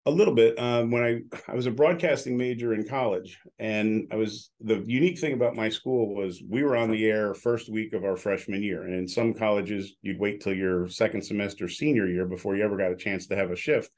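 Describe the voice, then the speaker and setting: Fairly quick and nearly pause-free, his delivery is on the low side with a darkish tone. An outspoken announcer and business owner in his sixties, he recounts stories in an informal interview, voicing the people he quotes.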